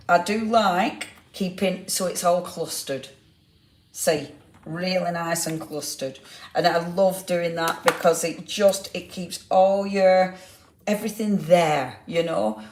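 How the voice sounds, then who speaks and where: A middle-aged woman hosting a live craft demonstration, chatting casually to viewers' comments as she works. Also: fairly low pitch. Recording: echoey room with faint noise.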